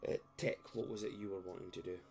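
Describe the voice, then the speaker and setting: A man running a tabletop game as game master, narrating in a measured, descriptive way. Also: sits low, steady tone, creaky, a little mellow, faint music behind.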